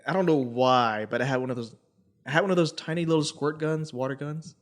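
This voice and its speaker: A man's voice: fairly high pitch, a little fast. A young adult man co-hosting a casual podcast chat, telling stories about his childhood and mimicking the voices of people in them. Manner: storytelling, quotes people in a raised voice. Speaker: podcast co-host.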